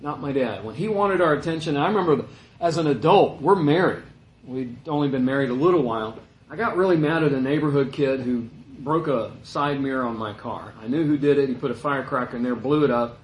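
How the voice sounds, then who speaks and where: A middle-aged man preaching a sermon in a conversational, storytelling way, dropping to a hush and rising again. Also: mid-range voice, fairly quick, roomy sound, poor audio. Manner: conversational, anecdotal, shifts between loud and hushed.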